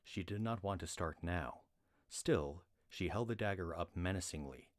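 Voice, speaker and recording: A man reading a novel aloud on a livestream in a slow, steady storytelling manner. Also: low voice, no echo, studio quality. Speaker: reader.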